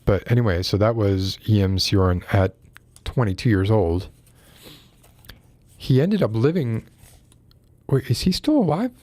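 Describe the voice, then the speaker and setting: A man's voice: lowish voice, lively intonation, a little slow, pauses often, darkish tone, dry recording. A man hosting a casual livestream, reading philosophy aloud and breaking off to ramble and greet viewers in the chat.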